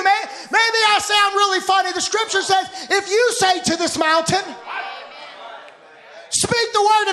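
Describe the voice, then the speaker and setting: A man preaching a sermon with fervent, rhythmic repetition that builds to shouts. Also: very high voice.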